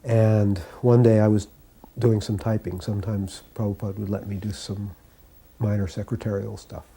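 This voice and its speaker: Mellow, husky-voiced man reminiscing. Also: lowish voice. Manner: calm, unhurried anecdote telling. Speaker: devotee sharing memories. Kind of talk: reminiscing storytelling.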